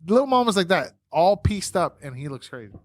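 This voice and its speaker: Swearing freely, this man spins stories during a relaxed podcast conversation, playing out quotes in lively voices. He co-hosts the show, speaking briskly in a high register, and the audio is dry and studio quality.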